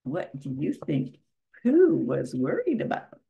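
Older lady reading a kids book out loud, slow and gravelly, asks little questions as she goes. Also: deep voice, wildly swooping pitch, narrow, tinny audio. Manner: asks the listener questions between pages. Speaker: storyteller. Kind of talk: reading a picture book aloud to children.

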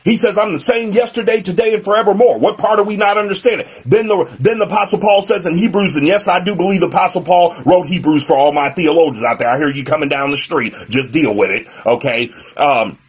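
A man's voice: on the high side, brisk, hardly any pauses, husky. A man preaching a sermon as pastor, emphatic, with a repetitive preaching cadence. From United States.

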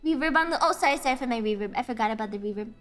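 A young woman streamer chats casually in a high voice that jumps around lively in pitch. She giggles often and swears freely in an animated, loose way. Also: racing, soft background music.

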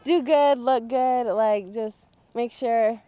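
A teenage girl who pitches for her high school softball team, talking excitedly in a post-game interview and filling her answers with "like" and "honestly". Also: slow pace, clear, resonant tone, no echo, lo-fi sound. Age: teens.

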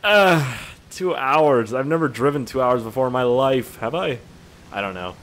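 A man's voice: mid-range voice, lively intonation, normal speed, fairly bright tone, slight background noise. A young man giving casual, profane commentary while playing a game. He rambles from topic to topic, sounds tired and is easily amused. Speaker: gaming video creator.

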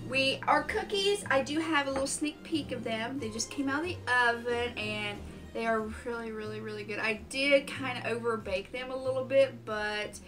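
High-voiced gushing woman vlogging at home. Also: normal speed, music in the background. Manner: gushing, exclaims a lot. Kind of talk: casual home vlog.

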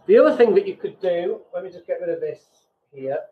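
A man's voice: sits high, lively intonation, a little fast, a little hiss or hum. A British man hosting a business podcast, talking bluntly and casually and poking fun at himself. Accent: British English. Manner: blunt, self-deprecating, acts out quoted people. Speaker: podcast host. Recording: echoey room, tinny phone-like sound.

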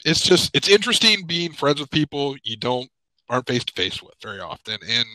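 A man in a podcast video call, talking haltingly with many pauses and fillers, choked up with emotion. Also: medium pitch, sing-song, sharp tone, no echo, rough recording. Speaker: podcast panelist. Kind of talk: emotional casual chat. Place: home.

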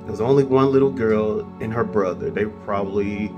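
A man, chatting casually in a travel vlog and telling a story with a relaxed, joking manner. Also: on the low side, a little fast, muffled recording, over music. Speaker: travel vlogger. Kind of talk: casual chat.

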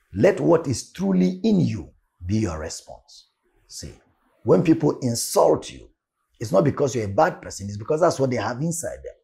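A man's voice: medium pitch, gravelly, dark tone. A male pastor giving a devotional sermon, emphatic and repeating key phrases for weight.

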